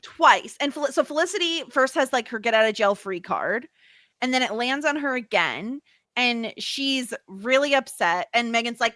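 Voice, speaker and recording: Lively bright-voiced woman recapping a show. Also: high voice, normal speed, no echo, studio quality. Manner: animated, laughs often, swears freely. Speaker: podcast co-host. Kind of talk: casual recap chat.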